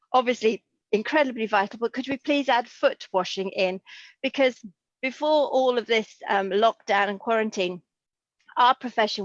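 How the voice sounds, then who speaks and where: A woman's voice: a little high, no echo. Chatty middle-aged woman on a muffled call. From Liverpool, England. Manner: chatty, enthusiastic, full of asides. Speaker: consultant podiatrist, guest. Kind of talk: interview over video call.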